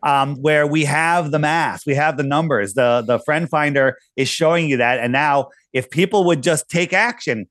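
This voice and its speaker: Man, middle-aged, podcast guest, storytelling, acts out quotes, higher voice. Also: normal speed, few pauses, fairly bright tone, dry recording, clean studio sound. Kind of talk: casual conversation.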